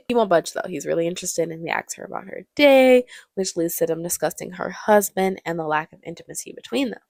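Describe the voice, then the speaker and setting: A woman's voice: on the low side, fast talker, vocal fry, few pauses, darkish tone, no echo, studio quality. A young woman giving casual, joking movie commentary, laughing often.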